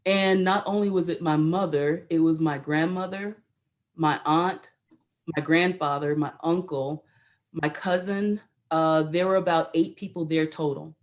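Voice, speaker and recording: A woman's voice: deep voice, steady tone, measured pace. A middle-aged American woman, a retired Army colonel, telling stories as a talk show guest and acting out the voices she quotes. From United States. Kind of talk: storytelling in a talk show interview.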